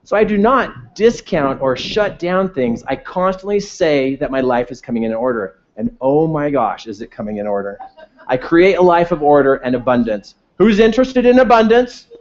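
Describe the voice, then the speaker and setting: A man giving an energetic motivational stage talk, leading a live audience through loud declarations in a large hall. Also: mid-range voice, moderate pace. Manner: energetic, shouts declarations with the crowd. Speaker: motivational speaker. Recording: muffled event recording.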